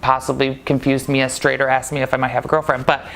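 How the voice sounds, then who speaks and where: A man's voice: medium pitch, level tone, fast, vocal fry, fairly bright tone. A man casually telling a personal story to camera, chatty and laughing often. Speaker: vlogger.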